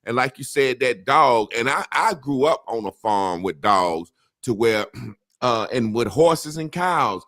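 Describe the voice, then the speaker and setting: A man's voice: mid-range voice, a little slow, no echo. Profane storytelling man in a dry room. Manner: profane, rambling storytelling with animated impressions. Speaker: podcast host. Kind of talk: casual chat.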